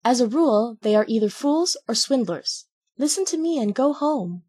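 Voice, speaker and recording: A woman voicing the ghost of a little cricket, faint and otherworldly, giving gentle warnings. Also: fairly high pitch, lively intonation, normal speed, slightly rough, voice pushed up. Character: ghost of a tiny wise cricket.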